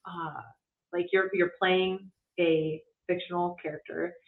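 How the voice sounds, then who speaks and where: A woman's voice: lowish voice, little pitch movement, takes it slowly. A woman who is a guest musician, chatting casually and hesitantly with many fillers. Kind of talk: casual chat. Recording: tinny phone-like line in a roomy space.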